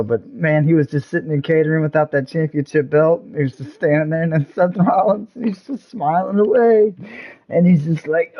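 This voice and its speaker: A young man hosts a let's-play gaming video, rambling and joking with frequent laughs and swearing. His voice is a little high at a normal speed, and the sound is lo-fi.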